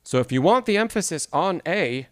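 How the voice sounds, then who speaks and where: A man's voice: on the high side, animated, normal speed, no room sound. Dry-sounding male piano teacher. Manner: explanatory, reads and answers chat, sings rhythms. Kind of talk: live-streamed masterclass.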